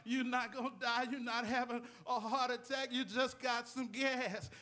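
A preacher doing a calm, matter-of-fact male paramedic. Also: very high-pitched, moderate pace.

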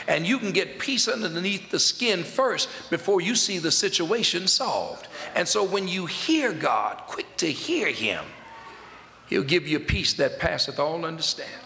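Male preacher, emphatic folksy delivery, bright gravelly voice, big echoing sanctuary. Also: sits high. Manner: emphatic, repeats phrases, drawn-out words for stress; folksy Southern-style preaching with loose grammar. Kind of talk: sermon. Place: church sanctuary. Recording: echoey hall sound.

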